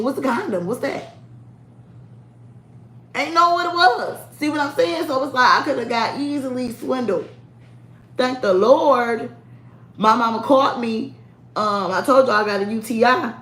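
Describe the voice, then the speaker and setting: A woman's voice: fairly high pitch, a bit bright. A woman chatting casually to camera, sassy and candid, laughing often. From United States. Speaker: vlogger. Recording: echoey room.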